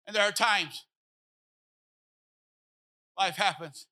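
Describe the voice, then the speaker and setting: A man's voice: high voice, slow, sharp tone. A man in his forties preaching a sermon as pastor, with an impassioned, repetitive cadence. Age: 40s.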